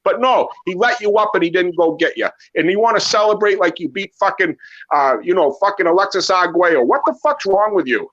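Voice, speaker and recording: A man's voice: high voice, brisk, fairly bright tone. Profane fired-up man ranting. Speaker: guest on boxing talk show. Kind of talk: heated casual rant. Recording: dull lo-fi audio.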